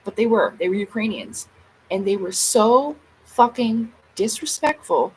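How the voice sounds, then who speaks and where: A woman rants to her viewers in a loose, agitated vlog, swearing freely and acting out her own lines from arguments. Her voice sits at an ordinary middle pitch for a woman. A faint hiss of noise runs under the recording. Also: animated, measured pace, darkish tone, rough recording. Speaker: vlogger. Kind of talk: casual ranting vlog.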